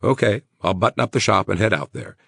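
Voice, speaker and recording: Wry ex-cop guy, read by a man, husky and gravelly, teasing ease. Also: sits low, very animated, fast, a bit bright, no room sound, clean studio sound, voice pushed up, exaggerated voice. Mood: joking. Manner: wry, teasing, laid-back. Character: easygoing joking adult man, ex-cop.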